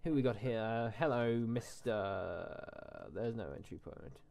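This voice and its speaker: A man's voice: mid-range voice, brisk, darkish tone, a little hiss or hum. Jokey man hosting a game playthrough. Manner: jokey, reads game text aloud with mock asides. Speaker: gaming channel host. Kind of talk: casual let's-play commentary.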